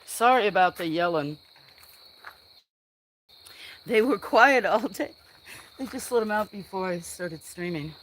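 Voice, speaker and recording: A man's voice: high-pitched, lively intonation, a little slow, pauses often, a bit bright, slight background noise. A man hosting a casual livestream from a farm, rambling along with plenty of fillers. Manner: rambling, meandering with many fillers. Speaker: livestream host. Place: farm outdoors.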